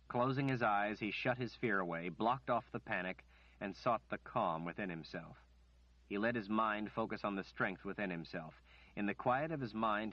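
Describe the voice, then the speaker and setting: Deep-voiced man narrating an audiobook. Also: husky, dry recording. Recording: dry, slightly muffled recording.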